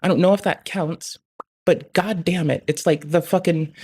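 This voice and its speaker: A streamer rants in a loose, wandering way, cursing nonstop and stuffing pauses with "like" and "bruh." The voice is medium-pitched at a normal speed, with a darkish tone and a breathy edge.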